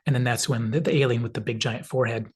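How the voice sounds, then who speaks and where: A man's voice: mid-range voice, fairly even intonation, quick pace, darkish tone, breathy edge. A man hosting a film analysis video, casually retelling scenes with lots of hedging filler words. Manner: rambling retelling full of "kind of" hedges. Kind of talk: casual video essay narration.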